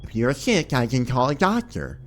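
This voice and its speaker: A man voicing a polite, soft-spoken young female maid, reading her lines formally while playing a visual novel. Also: mid-range voice, huge pitch swings, moderate pace. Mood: concerned.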